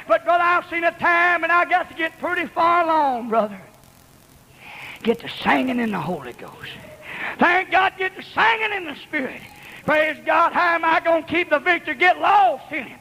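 Male revival preacher, very high-pitched, shouts chanted repetitions, church with long reverb. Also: normal speed, dull audio. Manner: shouted, rhythmic repeated exhortations. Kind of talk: fiery revival sermon.

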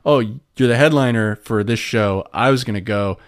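A man's voice: medium pitch, moderate pace, clear, resonant tone, dry recording, clean studio sound. A young man from Pennsylvania, a comedian, chatting casually on a podcast and telling rambling, swearing stories. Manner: rambling, swearing, animated storytelling with voices.

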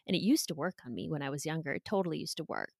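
A woman in her forties, a podcast guest, talking candidly and emotionally with pauses and restarts. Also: sits low, animated, gravelly, no echo, studio quality. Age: 40s. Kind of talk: candid interview talk.

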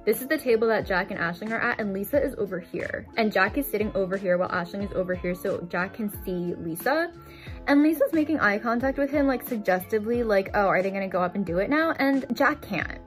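A woman's voice: medium pitch, lively intonation, fairly quick, soft background music. A woman giving a casual, chatty storytime recap of a novel, filling her talk with "like". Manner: chatty, fills with "like". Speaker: book vlogger. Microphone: desk microphone.

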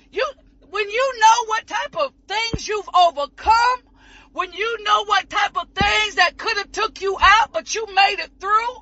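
A woman preaching an ecstatic sermon, shouting and whooping, her voice breaking as if crying. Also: extremely high pitch. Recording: muffled lo-fi recording.

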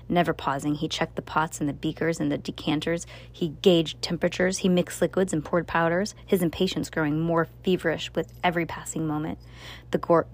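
A woman reading a gothic story aloud in a dramatic way, sometimes stumbling and correcting herself. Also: low voice. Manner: dramatic, with slips and self-corrections.

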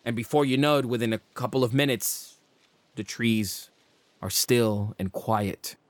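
Slow-narrating male game master. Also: mid-range voice, no echo. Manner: descriptive, unhurried narration with casual fillers.

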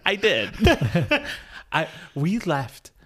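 A man's voice: high voice, pushed and bright, a little hiss or hum. A man telling a rambling, profane bar story in casual podcast chat, laughing often.

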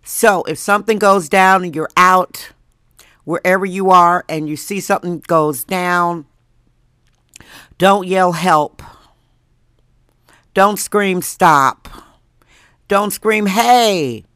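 Hoarse woman, from Wisconsin, slow unhurried delivery, lowish voice, dry close sound, joking podcast host. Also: fairly even intonation, fairly bright tone, dry recording. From Wisconsin, USA. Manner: chatty, jokey, laughs at herself. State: hoarse, lost voice. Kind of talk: casual solo monologue.

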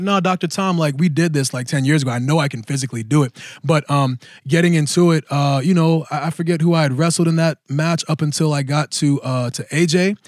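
A middle-aged man, a professional wrestler, telling a story casually and acting out other people in lively voices. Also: dry recording, studio quality. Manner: animated, jumps into high silly voices to act out crowds.

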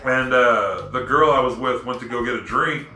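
A man in casual chat, swearing freely and telling animated stories. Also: medium pitch, normal speed, reverberant, soft background music. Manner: profane, animated storyteller.

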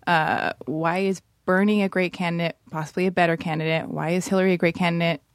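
A woman's voice: lowish voice, fairly even intonation, fast, dry recording, studio quality. A young woman hosting a casual chat, playful and self-mocking, full of fillers. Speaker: podcast host. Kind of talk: casual conversation.

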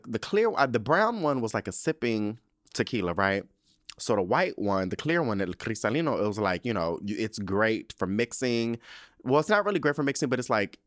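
A man's voice: on the low side, a bit bright, dry recording, clean studio sound. Sassy, profane man recapping a show. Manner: sassy, profane, slangy storytelling; drinking while talking. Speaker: podcast host. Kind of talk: casual recap commentary.

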